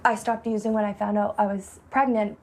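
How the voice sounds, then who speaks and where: This is a young woman from Massachusetts speaking openly in a documentary interview. Her voice sits at an ordinary pitch with a gravelly fry running through it. She talks casually, leaning on "like" as a filler. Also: little pitch movement, brisk, darkish tone. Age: 20s. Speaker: interviewee in recovery. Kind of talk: candid interview.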